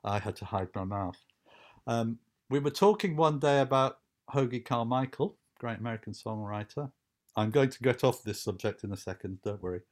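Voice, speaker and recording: A man's voice: medium pitch, moderate pace. A man telling an anecdote in a rambling, hesitant way, full of fillers and restarts. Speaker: storyteller. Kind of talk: anecdotal storytelling.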